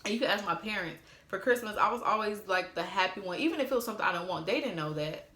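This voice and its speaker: A woman's voice: medium pitch, lively intonation, quick pace, sharp tone. Sassy young woman venting in a roomy room. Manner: sassy, profane, exasperated retelling; talks straight to viewers. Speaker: storytime vlogger. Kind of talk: casual storytime. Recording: roomy echo.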